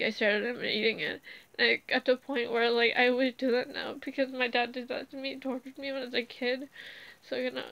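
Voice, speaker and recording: A woman with a slightly high, fairly bright voice and some vocal fry speaks spontaneously about her past and her family, heard through poor audio. She rambles, restarts, and uses fillers, becoming emotional enough to nearly cry at moments.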